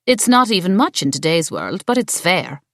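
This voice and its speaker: A woman's voice: lowish voice, very animated, normal speed, fairly bright tone, no echo, studio quality. A woman reading the part of a cool, businesslike landlady pressing a deal. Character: cool, pushy woman landlord in a pristine suit.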